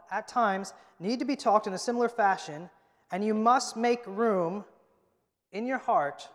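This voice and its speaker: A man preaching a sermon as the pastor of his church, emphatic and moving from loud to hushed. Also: high voice. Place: church sanctuary. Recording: long hall reverb.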